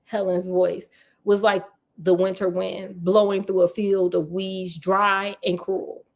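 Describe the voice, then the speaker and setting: A woman reads aloud from a spooky children's novel in a medium-pitched, steady, slightly mellow voice, never rushing. Between passages she drops in sassy, laughing asides, giving the reading a comedic edge.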